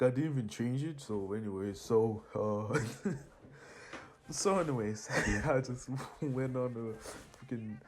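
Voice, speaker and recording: A teenage boy retells a fan-made superhero story in a loose, rambling way. He drifts into slangy asides and laughs at his own tangents, his voice sitting at an ordinary mid pitch. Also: a little mellow. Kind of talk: casual fan-fiction narration.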